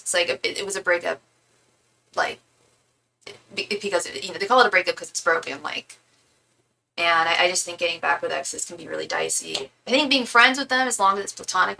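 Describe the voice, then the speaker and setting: Young woman doing a live tarot reading, bright gravelly voice, rambly and chatty, a bit far from the mic. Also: a little hiss or hum. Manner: chatty, rambling, repeats invocations in a low murmur. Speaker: tarot reader. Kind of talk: live-stream tarot reading, casual chat.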